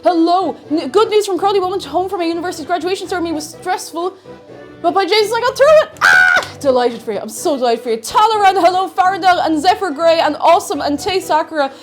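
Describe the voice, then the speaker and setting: High-voiced bubbly woman streamer. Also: quick pace, hardly any pauses, music in the background. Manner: bubbly, chants and greets chat loudly. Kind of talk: casual live-stream chat.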